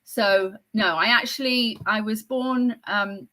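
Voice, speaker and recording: Older woman, Southern English accent, bright tone, rambling casual talker. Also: mid-range voice, slow pace, rough recording. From England. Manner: chatty, rambling, wry. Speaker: guest, host's mother. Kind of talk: casual chat.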